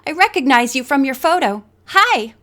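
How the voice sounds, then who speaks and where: A woman's voice: sits high, very animated, moderate pace, a bit bright. A woman reading an audiobook, voicing a friendly, confident young woman columnist.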